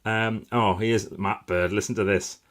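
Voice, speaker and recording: A middle-aged man hosts a casual live stream, his voice a touch lower than most. He talks in a chatty, upbeat way, full of little fillers and sudden bursts of excitement. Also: a little slow. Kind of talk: casual live-stream chat reading out viewer comments.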